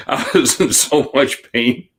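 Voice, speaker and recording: A man in his forties, co-hosting a podcast, telling an animated, laughing personal story in casual chat. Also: mid-range voice, drawn-out words. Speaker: podcast co-host.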